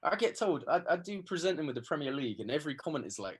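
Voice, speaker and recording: A young man from England, telling animated stories with lots of slang in a casual interview. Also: fairly high pitch, fast talker, hardly any pauses, slightly rough. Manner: animated storytelling, slangy, acts out quotes. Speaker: guest.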